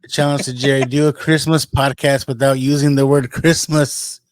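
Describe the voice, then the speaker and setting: A man's voice: medium pitch, level tone, normal speed, no echo. A man co-hosting a podcast in casual chat, teasing and wisecracking. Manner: wisecracking, teasing, slips into joke accents. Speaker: podcast co-host.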